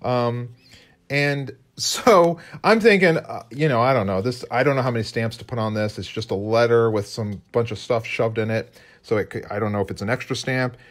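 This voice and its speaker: A man's voice: mid-range voice, normal speed. Chatty, rambling man painting on a live stream. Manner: chatty, rambling, self-deprecating. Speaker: co-host and illustrator. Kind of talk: casual live-stream chat while painting.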